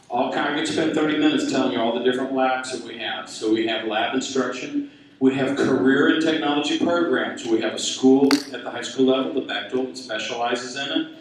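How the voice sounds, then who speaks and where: A man's voice: mid-range voice, a little hiss or hum. Folksy Texan man speaking in a hall. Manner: folksy, joking storyteller. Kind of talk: presentation to an audience. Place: large echoey hall. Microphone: handheld mic after a distant start. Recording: echoey hall, distant mic.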